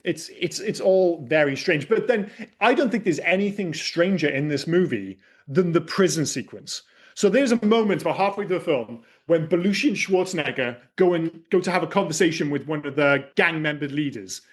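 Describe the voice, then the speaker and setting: Sweary ranting man, fairly high voice. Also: lively intonation, moderate pace. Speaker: podcast host. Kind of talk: casual film-review chat.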